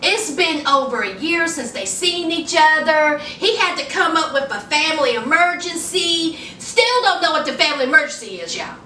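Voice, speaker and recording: A woman recaps a reality show in a sassy, chatty vlog, talking straight to her viewers with plenty of y'all and honey. Her voice sits high and bright. She is recorded from a little way off in an echoey room with faint noise behind her. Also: expressive, normal speed, hardly any pauses. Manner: acts out quoted people in a higher voice. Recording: echoey room, mic at a distance.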